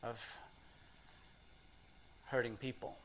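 A man playing a gruff, plain-spoken working guy. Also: medium pitch, a little hiss or hum. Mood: ashamed, hushed. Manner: rough everyday grammar, halting restarts; swings from hushed murmur to loud excited telling. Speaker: monologue performer. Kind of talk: dramatic first-person monologue.

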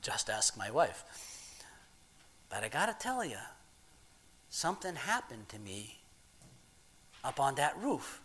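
Brief: a man as a plain-spoken, married blue-collar guy in a stage monologue; halting, rough-grammared, swinging between murmurs and excited outbursts. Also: medium pitch, slight background noise, heavily acted. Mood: reflective. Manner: swings from hushed murmur to loud excited telling. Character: plain-spoken married working man, gruff but tender-hearted. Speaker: monologue performer. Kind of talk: dramatic first-person monologue.

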